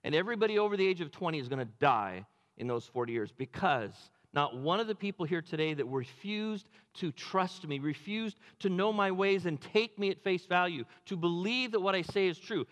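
A man playing God as a stern, solemn male figure who pronounces judgment in a grave, measured way. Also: on the high side, lively intonation, a bit bright, big-room sound.

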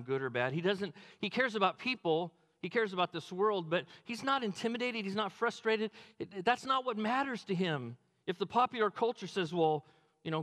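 A man preaching a sermon, animated, acting out quotes with a dropped low voice. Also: long reverb tail. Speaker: pastor.

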